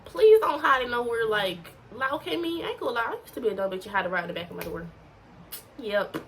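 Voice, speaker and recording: A woman's voice: fairly high pitch, expressive, fast, fairly bright tone, slight background noise, poor audio. A teenage girl giving casual, profane tips to her viewers in a blunt, slangy way. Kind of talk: casual to-camera advice.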